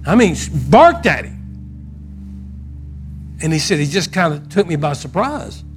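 A man preaching a sermon and telling a story, swinging from loud quoted outbursts to a soft, quiet close. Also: on the high side, sing-song, measured pace, faint music behind.

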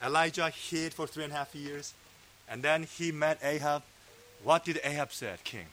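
A man preaching a sermon, fervent and emphatic, sometimes dropping to a low hush. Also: normal speed. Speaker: pastor. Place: fellowship meeting hall.

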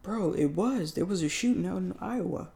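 A young man co-hosting a casual podcast, reading news articles aloud with halting fillers and restarts. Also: high-pitched, expressive, creaky, mellow. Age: young adult. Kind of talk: casual news-reaction chat.

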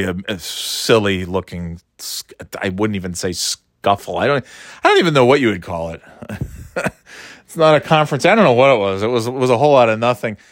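A man in a casual sports talk, swearing freely and rambling, with frequent laughs and lively jumps in pitch. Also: dry recording, clean studio sound. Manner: profane, rambling, animated, laughs often.

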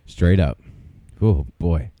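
A man's voice: deep voice, expressive, slow, no echo, phone-quality sound. A man co-hosting a podcast in casual chat, laid-back and drawling, often repeating himself. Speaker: podcast co-host.

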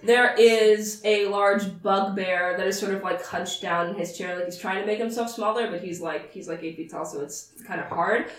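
A woman's voice: mid-range voice, fairly even intonation, moderate pace, few pauses. A woman narrating a tabletop game as game master, chatty and rambling. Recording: roomy distant mic, faint noise.

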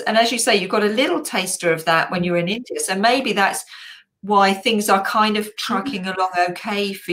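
A woman's voice: mid-range voice, a bit bright. Chatty middle-aged woman hosting a live chat. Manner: chatty, rambling, with fillers and self-corrections. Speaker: host.

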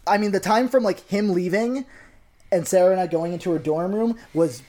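A young adult man, co-hosting a podcast, telling a story in casual chat, excitable and swearing freely. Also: high voice, a little fast.

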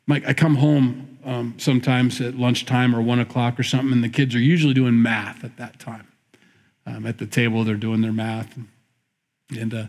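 A man's voice: medium pitch, level tone, moderate pace, darkish tone. Musing middle-aged male pastor. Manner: reflective, musing, reads scripture aloud then comments. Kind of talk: conversational sermon.

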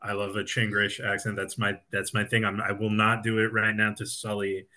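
A man's voice: lowish voice, monotone, brisk, sharp tone. A man co-hosting a podcast in casual chat, playful and teasing, laughing often.

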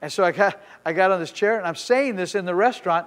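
An older man preaching a sermon as pastor, telling a story with acted-out dialogue, repeating phrases and building to shouts. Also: high-pitched, fast talker, few pauses, big-room sound.

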